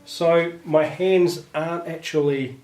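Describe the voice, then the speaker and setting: A man giving a relaxed guitar lesson, talking through finger positions with a few fillers. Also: a little high, takes it slowly. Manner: relaxed, thinks aloud with fillers. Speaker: guitar teacher. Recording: roomy with guitar playing. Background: guitar playing.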